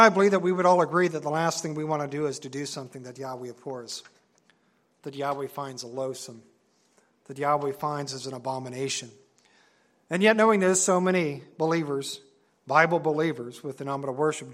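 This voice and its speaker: A man giving an earnest, emphatic sermon-style Bible teaching, slowing down to stress key words and reading scripture aloud. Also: on the high side, fairly bright tone. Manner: reads scripture aloud in old-fashioned wording.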